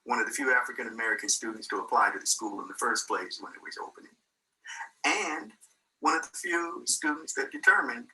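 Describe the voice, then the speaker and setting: A man's voice: mid-range voice, expressive, moderate pace, bright, forceful tone, far from the mic, low-quality recording. An older man giving a motivational talk, telling a personal story with quoted voices and small laughs. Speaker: guest speaker.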